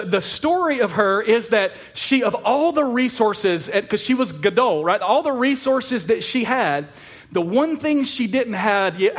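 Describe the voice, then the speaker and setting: A man's voice: high-pitched, fairly bright tone. A man preaching a sermon in a casual, conversational way, with frequent fillers and restarts. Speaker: pastor.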